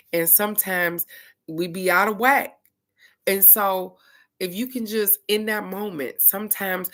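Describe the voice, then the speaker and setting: A middle-aged woman hosting a casual livestream in a chatty, informal way, laughing easily between thoughts. Her voice sits a little low but has a bright, forward edge. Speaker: livestream host.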